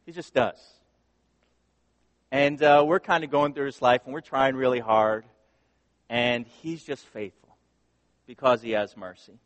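A man's voice: mid-range voice, fairly even intonation, unhurried, pauses often. A man in his thirties, a pastor giving a conversational sermon and telling a story with laughter and asides. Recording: long hall reverb.

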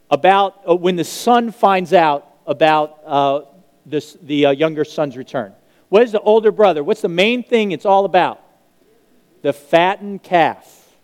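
A man preaching a sermon, telling a parable in an animated way and acting out the characters' lines. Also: high-pitched. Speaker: pastor. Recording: long hall reverb.

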